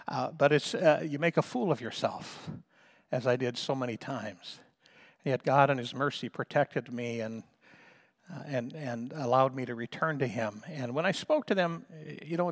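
Fervent male preacher delivering a sermon. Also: medium pitch. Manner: fervent, rising to loud emphatic peaks, stretching key words slowly. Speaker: pastor.

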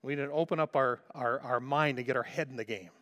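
A man's voice: medium pitch, fairly even intonation, fast talker, fairly bright tone. A man preaching a sermon as a pastor, fervent and emphatic, repeating phrases for emphasis.

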